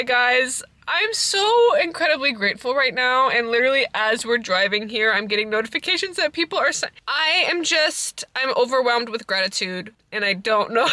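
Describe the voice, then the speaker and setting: A woman's voice: on the high side, lively intonation, normal speed, sharp tone. A young woman and fitness coach chatting casually to her phone camera in a vlog, bubbly and swearing now and then. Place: home, then car and gym.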